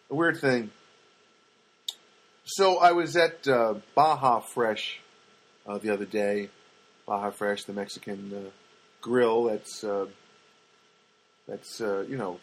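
A male podcast host from Los Angeles speaks at a moderate pace in a mid-range voice with lively intonation, though the audio is poor. His casual monologue wanders through stories as he acts out those he quotes.

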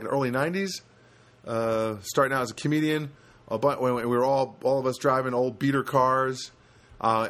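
A man's voice: medium pitch, fairly bright tone. Rambling middle-aged male comedian. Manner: rambling, many fillers and restarts. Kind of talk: casual storytelling chat.

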